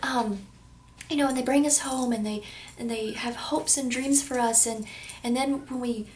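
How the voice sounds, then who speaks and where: A woman in her twenties with a Kentucky accent vlogs casually to the camera with a runny nose, rambling, giggling and poking fun at herself. Her slightly high, darkish voice is fairly even in intonation and moderately paced, with slight background noise.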